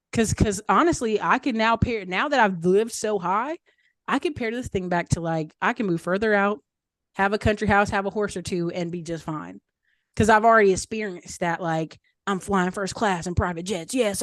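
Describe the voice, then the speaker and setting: A woman's voice: mid-range voice, dry recording, studio quality. A woman giving candid, chatty money and property advice, acting out the voices of people she quotes. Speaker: guest speaker answering questions. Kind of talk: casual advice talk.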